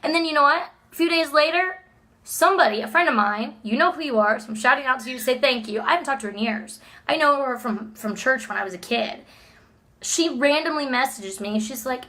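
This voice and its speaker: A woman in her thirties giving an earnest, upbeat motivational vlog talk, peppered with "like" and quick laughs. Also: high voice, bright, forceful tone. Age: 30s. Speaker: vlogger.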